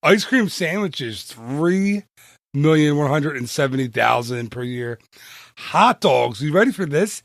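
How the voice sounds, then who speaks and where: A man co-hosting a casual podcast, his voice sitting slightly high. He talks in excited bursts, laughs often and reels off numbers. The mic is close and dry, with no room sound. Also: a little slow, no room sound. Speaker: podcast co-host. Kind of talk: casual chat.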